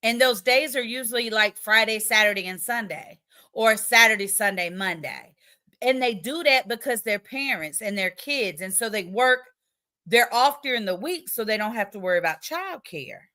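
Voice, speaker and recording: Bright-voiced woman hosting a livestream. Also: on the high side, expressive, normal speed. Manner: chatty, reads viewer comments aloud, playful. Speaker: livestream host. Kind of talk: casual livestream chat.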